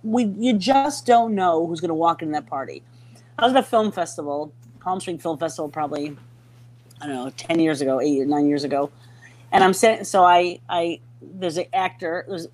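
A middle-aged woman from Minnesota telling a story in a casual chat, lively and often acting out the voices of people she quotes. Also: fairly low pitch. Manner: animated, acts out quoted voices, many restarts. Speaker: podcast guest.

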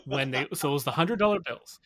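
Bright-voiced easygoing Canadian man. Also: on the high side, animated, fast. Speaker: conversation partner. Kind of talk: casual chat.

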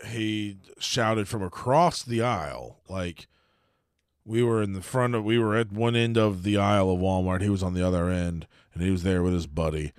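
A man's voice: sits low, moderate pace, clean tone, dry recording, studio quality. A man co-hosting a podcast, telling wrestling stories in a laid-back, amused way, with a lot of restarts. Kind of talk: casual storytelling chat.

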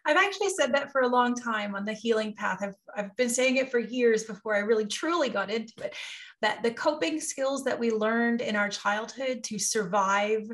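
Affirming woman host, slightly high voice. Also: normal speed. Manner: affirming, shares personal experience. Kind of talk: casual podcast conversation.

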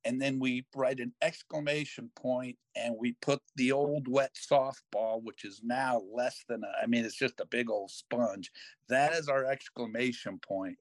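An older man hosting a podcast, telling a long story in a lively, self-mocking way and slipping into other people's voices. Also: mid-range voice, a little slow, no room sound. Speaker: podcast host. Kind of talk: storytelling in casual chat.

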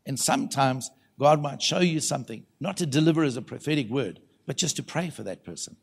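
A man's voice: mid-range voice, expressive, fairly quick, creaky, few pauses, slightly rough. A man delivering a conversational sermon at a conference, with a mid-range voice. He tells stories with animation, acts out the people in them and calls out questions to the congregation. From South Africa. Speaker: prophet preaching at a conference.

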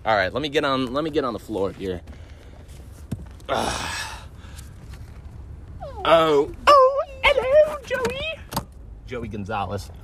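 A man's voice: on the low side, expressive, normal speed, pauses often, background noise. A man co-hosting a podcast, chatting casually and loosely with a friend, laughing often. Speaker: podcast co-host. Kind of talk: casual chat.

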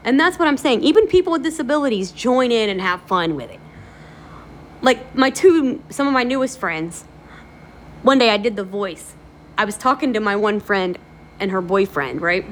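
A woman's voice: mid-range voice, normal speed, a little hiss or hum. A woman hosting a motivational video series, talking casually to the camera in a chatty, encouraging way with lots of fillers. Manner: chatty, animated storytelling with many fillers.

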